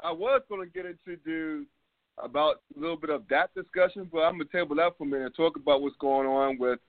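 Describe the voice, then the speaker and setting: In his fifties, this podcast host runs a casual sports talk show, loose and rambling, full of fillers and laughs. His voice is a little high and fast, and the phone-like line sounds dry with no echo.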